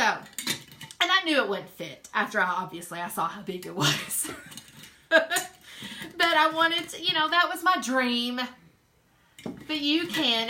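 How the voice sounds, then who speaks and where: Southern woman, crafts host, chatty and a touch high-pitched, bright and forward. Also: a little hiss or hum. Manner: chatty, rambling, talks straight to viewers. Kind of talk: casual live-stream craft demo.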